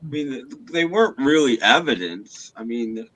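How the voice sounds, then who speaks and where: A man's voice: mid-range voice, animated, normal speed, bright, forceful tone, poor audio. A man in a casual group chat who speaks in a knowing, matter-of-fact way. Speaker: chat guest.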